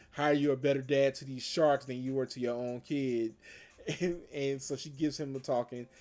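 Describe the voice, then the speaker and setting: A man's voice: medium pitch, darkish tone. Chatty man recapping a cartoon episode. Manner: rambling, conversational retelling with frequent chuckles. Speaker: TV show reviewer and host. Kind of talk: casual spoiler review recap.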